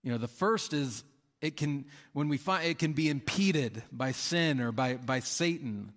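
A man's voice: medium pitch, animated, a little slow, a bit bright. A man preaching a sermon in a casual, conversational way, often acting out the people in his stories. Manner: conversational, with fillers and acted-out quotes. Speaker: pastor. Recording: long hall reverb.

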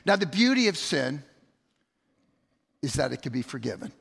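A man's voice: medium pitch, big pitch swings, moderate pace, creaky, a bit bright, breathy edge. A middle-aged man preaching a sermon as pastor, conversational, often repeating words and telling stories. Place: church sanctuary. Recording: long hall reverb.

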